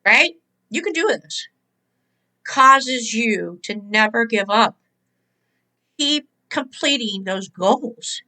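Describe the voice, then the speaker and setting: A woman's voice: fairly high pitch, lively intonation, slow, pauses often, bright, forceful tone, poor audio. A woman hosting a spiritual motivational talk, emphatic and exhorting, repeating her key words. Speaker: host and motivational speaker.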